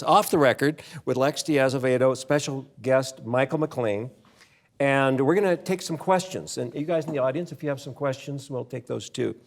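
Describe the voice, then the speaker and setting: A man's voice: mid-range voice, a little mellow. A man hosting a live interview before an audience, inviting questions from the crowd. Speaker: host.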